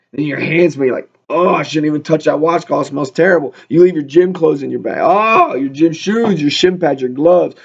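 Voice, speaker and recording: Heading a relaxed Bible study, this man reads scripture out loud and then talks it over humorously and chattily. His voice is fairly high, a little mellow, with vocal fry, captured in a dull lo-fi recording.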